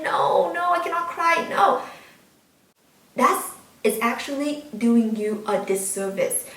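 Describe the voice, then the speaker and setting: A woman with a high voice gives earnest spiritual guidance to her viewers, leaning on key words and repeating them. She sounds a little distant from the mic, in a roomy, echoing space. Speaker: tarot reader and spiritual channel host. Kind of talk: spiritual guidance talk to camera.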